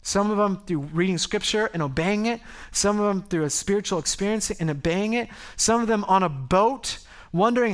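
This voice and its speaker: A male pastor preaching to his congregation in a loose, conversational style. He grows animated and often cuts himself off to restart a thought. His voice sits high for a man. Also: moderate pace. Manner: conversational, animated, self-interrupting. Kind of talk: sermon. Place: church service before a congregation.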